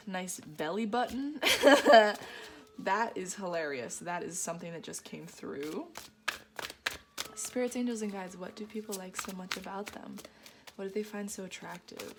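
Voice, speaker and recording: A woman's voice: mid-range voice, background noise. A woman giving a gushing, affirming tarot reading to her viewers, often breaking into giggles. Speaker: tarot reader.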